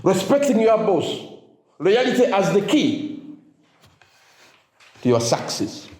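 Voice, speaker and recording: This motivational speaker is a man whose voice sits fairly high with a darkish tone, heard in a room full of echo. Talking to teachers, he drops in Luganda phrases and keeps pausing on "what?" to let the crowd complete his lines.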